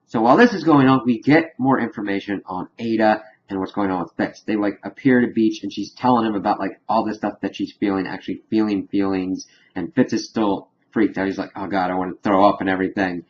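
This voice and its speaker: A man's voice: fairly low pitch, brisk, hardly any pauses, dull audio, slight background noise. A man giving a casual, rambling spoiler recap of a TV episode, full of fillers and swearing. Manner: rambling, filler-heavy, profane. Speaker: TV episode reviewer.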